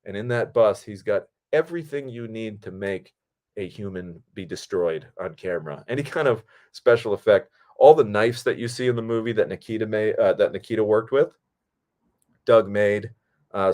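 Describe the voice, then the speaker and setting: A man, a film director hosting his own podcast, telling behind-the-scenes stories in a casual, animated and profane way. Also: lowish voice. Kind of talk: casual storytelling.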